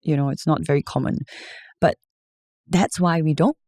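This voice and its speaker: Singaporean actress chatting on a podcast, accent all over the place, keeps firing off questions, dry close mic. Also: female voice, sits low, normal speed, no room sound. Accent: Singaporean mixed with American and British. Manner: animated, emphatic, rhetorical questions. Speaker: actor, podcast guest. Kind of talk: casual podcast chat.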